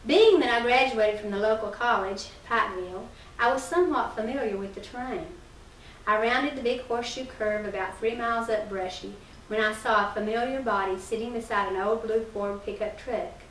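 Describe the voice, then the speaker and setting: Woman reading a story in a roomy hall. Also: mid-range voice. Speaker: reader of a short story. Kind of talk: reading a first-person humorous story aloud. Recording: roomy distant early-1990s recording with faint hiss.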